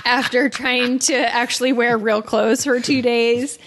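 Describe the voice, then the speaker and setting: A woman's voice: on the high side, fairly even intonation, unhurried, a bit bright. A woman co-hosting a casual couples podcast, talking openly and reflectively about her feelings. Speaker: podcast co-host.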